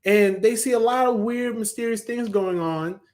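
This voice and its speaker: A man's voice: sits high, normal speed, darkish tone. A young adult man giving a casual, enthusiastic spoken review of a cartoon, chatty, with frequent fillers and self-corrections.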